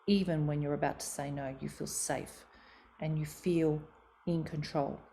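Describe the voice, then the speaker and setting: A woman's voice: deep voice, fairly even intonation, measured pace, creaky, mellow, slight background noise. A middle-aged Australian woman giving a motivational talk on communication, acting out quoted voices with expression. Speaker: speaker on communication.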